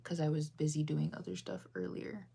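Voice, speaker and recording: A woman's voice: flat delivery, normal speed, gravelly, mellow, husky. A woman in her thirties from the United States, rambling in casual chat on a livestream with lots of ums and laughs. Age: 30s. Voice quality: deep-sounding voice. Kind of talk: casual chat, reading chat aloud.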